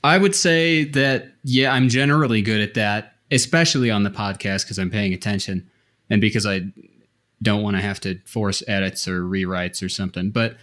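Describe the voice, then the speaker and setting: A man's voice: on the low side, normal speed, a bit bright. A man co-hosting a podcast in casual chat, rambling and poking fun at himself. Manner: self-deprecating, rambling with restarts. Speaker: podcast co-host.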